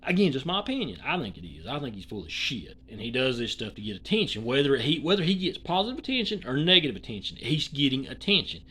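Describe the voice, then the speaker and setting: A YouTuber, rambling through an indignant opinion commentary and swinging between loud and hushed talk. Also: mid-range voice, sing-song, fast, few pauses, slightly rough.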